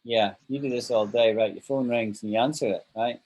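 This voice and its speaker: A man's voice: medium pitch, brisk, darkish tone, low-quality recording. A man teaching an online English grammar lesson, patiently walking through example sentences and checking that his students follow.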